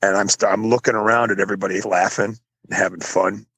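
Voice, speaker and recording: A slightly husky man, recorded close and dry, tells rowdy stories about old friends in casual chat. He swears freely and leaps high in pitch when quoting people. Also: fairly even intonation, quick pace, a bit bright, no echo. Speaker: podcast co-host.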